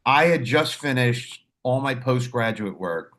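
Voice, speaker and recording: A man on a podcast telling animated, profane stories about his clinical work, acting out the voices in them. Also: mid-range voice, measured pace. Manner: animated storyteller, profane, acts out quotes. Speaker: podcast host, mental health clinician. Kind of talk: casual podcast chat.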